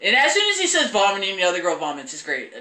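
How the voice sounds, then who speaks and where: A woman's voice: medium pitch, fast talker, reverberant. Young woman ranting, swearing freely. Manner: profane, rambling, animated. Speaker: film reviewer. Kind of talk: casual ranting review.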